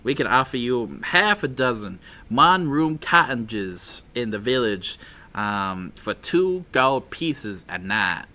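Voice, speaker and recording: A man's voice: medium pitch, lively intonation, takes it slowly, pushed and bright. A man voicing a boisterous frontier saloon bartender who talks in a folksy drawl and breaks into hammy outbursts. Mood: welcoming.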